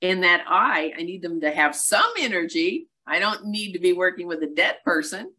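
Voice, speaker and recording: A middle-aged woman giving a webinar as a real estate coach, talking in a brisk, emphatic way with self-deprecating asides. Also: fairly low pitch, pushed and bright. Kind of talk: webinar presentation.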